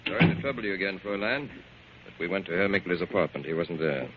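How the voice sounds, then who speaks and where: An actor in a 1940s radio drama playing a police captain who questions the household in a brisk, businesslike way. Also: male voice, sits low, expressive. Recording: dull old radio recording, faint hiss.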